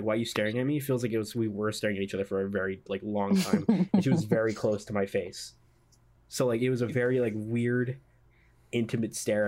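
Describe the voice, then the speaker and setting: A man hosting a podcast, telling a story in a halting, rambling way full of fillers and restarts. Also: lowish voice, a little mellow. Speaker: podcast host. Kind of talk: casual storytelling chat.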